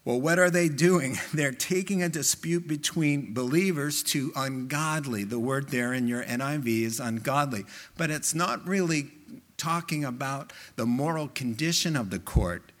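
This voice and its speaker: A man preaching a sermon as pastor, emphatic and animated. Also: medium pitch. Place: church hall with sound system.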